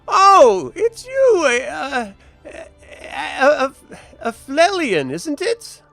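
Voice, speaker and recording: A fussy old male shopkeeper alchemist, put on by a man, stammering and fawning as he greets his customers. The voice jumps well above the performer's own into a high, loud register. Faint music plays underneath. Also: big pitch swings, extremely slow, gravelly, dry recording, heavily acted. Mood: flustered. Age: older.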